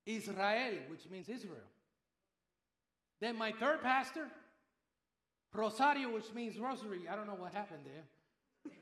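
An older man delivers a lively sermon, acting out the people in his stories. His voice sits very high and sounds bright and forceful. The room around him is echoey. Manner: animated storyteller, acts out quoted voices. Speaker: pastor.

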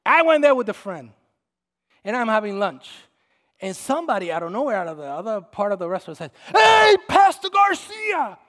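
A middle-aged male pastor with a very high voice preaches a sermon in a church. He swings from loud, shouted passages to hushed storytelling, and a long reverb of the hall trails every word. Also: lively intonation, quick pace.

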